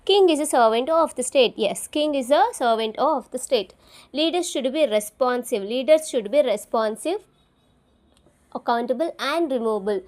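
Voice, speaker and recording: A woman's voice: sits high, lively intonation, moderate pace, darkish tone. Woman drilling study notes aloud. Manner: repeats key words over and over, spells terms out letter by letter. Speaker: exam study tutor. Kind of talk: study-along lesson, repeating terms aloud to memorize.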